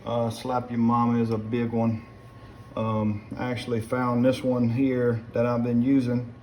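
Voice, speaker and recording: In his home kitchen, a middle-aged South Louisiana home cook gives a casual cooking demo, folksy and chatty, repeatedly addressing viewers as "guys." His mid-range voice is a little mellow, delivered completely flat at a measured pace. A little hiss or hum sits under the clinking of pots and utensils.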